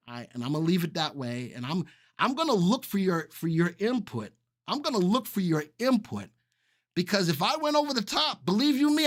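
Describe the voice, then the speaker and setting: A high, lively male voice with a big swinging pitch, recorded dry and close. He hosts a live stock analysis webinar, keeps repeating key phrases for emphasis and talks straight to his chat viewers. He sounds keyed up, as if he is sweating. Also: moderate pace, dry recording. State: excited and sweating. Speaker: stock market webinar host.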